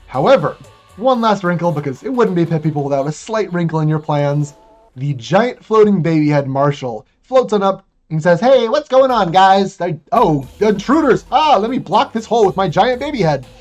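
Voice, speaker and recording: Chatty speedrunner rambling thru the run, lots of jokes, quiet game music in the background. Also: mid-range voice. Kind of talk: speedrun commentary.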